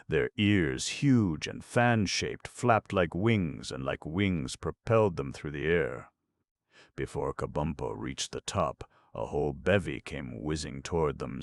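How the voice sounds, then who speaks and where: Audiobook narrator, male, gravelly and very deep, dry close sound. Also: no room sound. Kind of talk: scripted storybook narration.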